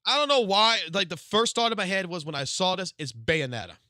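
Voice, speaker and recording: A man streaming live, reacting to game news in a profane, excitable rant that swings from low mutters to loud outbursts. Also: a little fast, dry recording, studio quality.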